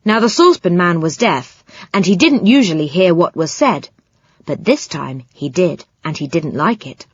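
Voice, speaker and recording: A woman narrating a children's story in a clear, fairly low voice. The recording is close and dry, with a slightly dull tone. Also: sing-song, moderate pace, dry recording. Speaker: audiobook narrator. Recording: slightly muffled, dry sound.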